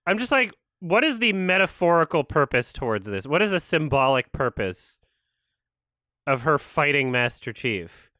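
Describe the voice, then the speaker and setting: A man's voice: fairly high pitch, sing-song, normal speed, bright, forceful tone, no echo, studio quality. A man hosting a casual watch-along, commenting sarcastically and mocking what he sees on screen. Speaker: host.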